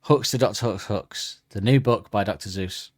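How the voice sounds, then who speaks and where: A man's voice: lowish voice, normal speed, dry recording, studio quality. A man, co-hosting a comedy podcast in casual chat and slipping into silly voices. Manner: joking, slips into silly put-on voices. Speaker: podcast co-host.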